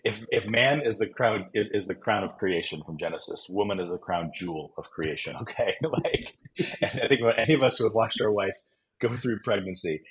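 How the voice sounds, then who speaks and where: A middle-aged man, a guest author, telling animated, self-deprecating stories with jokes about himself. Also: lowish voice, fairly quick, husky, rough recording. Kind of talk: animated storytelling.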